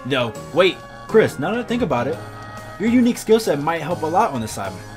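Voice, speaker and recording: Man voicing a condescending bird-boy nerd, lively swoops, game music faint behind. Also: on the high side, fast talker. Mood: smug. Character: smug know-it-all teen boy bird student.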